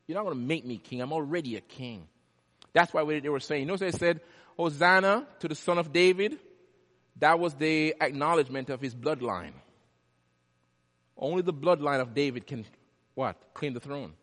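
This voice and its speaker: A male pastor delivering a sermon, swinging from hushed, quiet lines to loud, impassioned ones. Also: fairly high pitch, normal speed. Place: church. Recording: long echo of a large hall.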